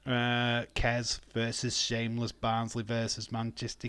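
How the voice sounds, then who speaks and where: A man's voice: mid-range voice, measured pace, a bit bright, no echo. A man hosting a live stream, chatting casually with viewers, teasing them and chuckling as he reads out their comments. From England. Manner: teasing, chuckling, banters with chat, muses aloud.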